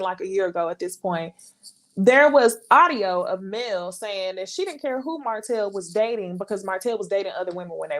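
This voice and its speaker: A woman hosting a casual live recap, chatty and exasperated, talking straight to her viewers. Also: mid-range voice. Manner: breaks into laughter and brief mimicry of others. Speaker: reality TV recap host.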